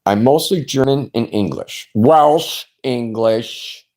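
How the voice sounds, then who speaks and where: A man's voice: medium pitch, slow pace, a little mellow. A man hosting his own channel, chatting casually in a rambling, laid-back way with frequent restarts. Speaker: channel host. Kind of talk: casual chat.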